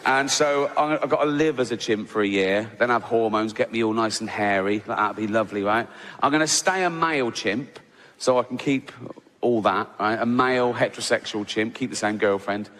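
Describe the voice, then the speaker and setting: A man's voice: lowish voice, normal speed, fairly bright tone. A man doing stand-up comedy, rambling through self-interrupting asides and laughing at his own jokes. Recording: reverberant hall with audience noise.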